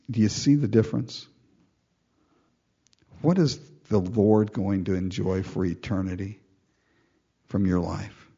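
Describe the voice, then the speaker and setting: A man preaching with lots of energy, voicing prayers as if speaking them himself and chuckling along the way. His voice is a little husky, and the recording sounds dull and muffled. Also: lowish voice, measured pace, pauses often. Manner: animated, acts out quoted prayers, laughs often. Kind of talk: sermon.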